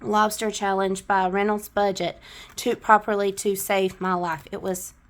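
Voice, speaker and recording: A woman's voice: medium pitch, little pitch movement, a little slow. Southern woman, middle-aged, chatty budgeting vlogger, counts cash aloud, slight cough. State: coughing now and then. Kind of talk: casual talk to camera while counting cash.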